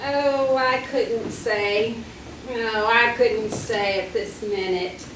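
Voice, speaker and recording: A woman's voice: on the high side, fairly even intonation, slow pace, background noise. A woman playing a haughty, pompous mayor's wife in a stage musical, with a prim, affected manner. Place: theater stage. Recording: echoey stage sound from far off.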